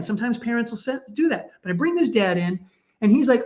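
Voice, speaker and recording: A middle-aged man, a sports psychologist guest, speaking in a conversational, animated way and acting out the people in his stories. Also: rapid-fire. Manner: animated, acts out quoted parents with raised pitch. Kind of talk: conversational storytelling.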